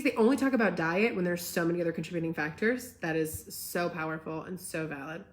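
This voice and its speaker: Passionate woman with gravelly voice. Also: mid-range voice, fast talker, few pauses. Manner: passionate, emphatic, says "right?" and "like" often. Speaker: host of a live talk. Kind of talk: live-streamed casual talk, reading comments.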